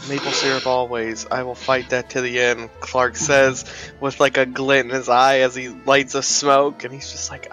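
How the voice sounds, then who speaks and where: A man's voice: mid-range voice, flat delivery, moderate pace, sharp tone, faint music behind. A man playing a tabletop game, narrating his character with incredulous swearing and laughter. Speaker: player.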